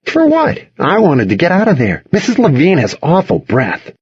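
Man playing a teenage boy, smug, wisecracking, raised pitch, lively. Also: moderate pace, slightly rough, lo-fi sound, exaggerated voice. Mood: teasing. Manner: cheerful, wisecracking.

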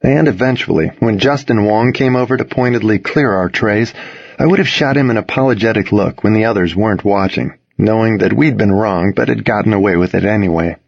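A man narrating a first-person novel as an audiobook, in a measured storytelling manner. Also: on the low side, creaky, no echo, highs cut off.

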